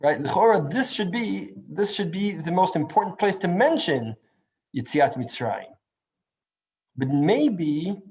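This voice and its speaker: A man's voice: fairly high pitch, a little mellow. A man giving a Torah class, thinking aloud with frequent restarts and asking "right?" to check in with his listeners. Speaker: Torah teacher.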